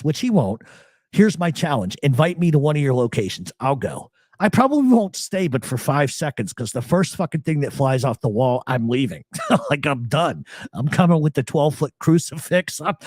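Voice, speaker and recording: A man's voice: medium pitch, no echo, clean studio sound. A man hosting a live show, chatting casually and swearing freely as he tells stories. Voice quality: profane, animated storyteller. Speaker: podcast host. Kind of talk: casual live-stream chat.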